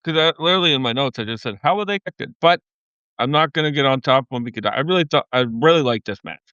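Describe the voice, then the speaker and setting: Podcast co-host, male, Boston accent, crisp bright voice, stammery rants, dull lo-fi mic. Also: medium pitch, fast talker, no echo. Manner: rambling and stammering, heated rants. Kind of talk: casual podcast chat.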